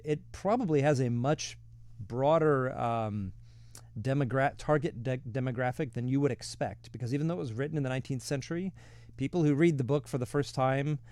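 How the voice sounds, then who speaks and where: A man's voice: mid-range voice, a little mellow, no echo. Chatty man introducing a book reading. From American Midwest. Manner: chatty, rambling, with many fillers and restarts. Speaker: host of a weekly online reading. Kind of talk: casual chat before a book reading.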